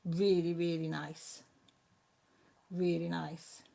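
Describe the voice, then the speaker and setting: A woman's voice: lowish voice, level tone, slow pace, creaky, dark tone. A woman hosting a casual live-stream chat from home, reading out and answering viewer comments. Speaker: channel host. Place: at home with her pets.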